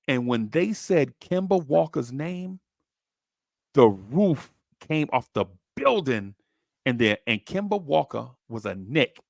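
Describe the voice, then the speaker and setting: Slangy excitable man with a gravelly voice. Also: no echo, clean studio sound. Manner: slangy, excitable, acts out quotes in high voices. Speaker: podcast host. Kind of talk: animated storytelling chat.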